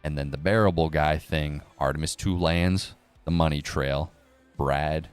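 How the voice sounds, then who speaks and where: A young man hosting a crypto news live stream, rambling casually with sarcasm, swearing and quick jumps between topics. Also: extremely low pitch, steady tone, clear, resonant tone, faint music behind.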